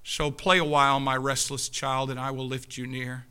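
A preacher voicing a gentle, soothing mother. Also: mid-range voice, little pitch movement, moderate pace, clear, resonant tone, natural voice. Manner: soft, reassuring, tender. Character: gentle soothing mother speaking to her young son.

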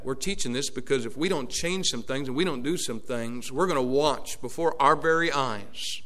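A man preaching a sermon, dropping to a hush and then building to loud, urgent appeals to the congregation. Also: mid-range voice. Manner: swings from hushed to shouting, preaching to a congregation.

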